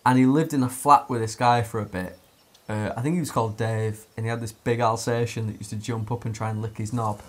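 A man's voice: on the low side, steady tone, a little fast. Laughing young man telling a story. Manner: swearing, laughing storyteller with many fillers. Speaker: podcast co-host telling a story. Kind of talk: casual chat.

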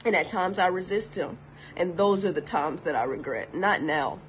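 A woman's voice: fairly low pitch, moderate pace, slight background noise. Tearful woman, earnest and emphatic. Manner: earnest, repeats herself for emphasis. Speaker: actress. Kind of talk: emotional personal video message.

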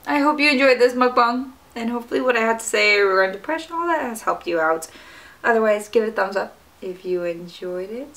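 A woman's voice: a little high, lively intonation, fairly quick, a bit bright. A young woman chatting casually while she eats, with frequent fillers and little "mm" sounds. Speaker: fitness vlogger. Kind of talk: casual mukbang chat to camera.

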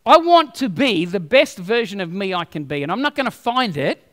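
At a normal pace, a pastor weaves animated, funny stories into his sermon, his voice strikingly high and bright. The recording carries a long reverb from the hall.

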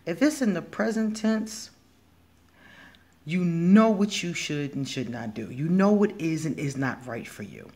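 A man giving blunt, emphatic advice as a spiritual healer in a casual vlog monologue. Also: a little high.

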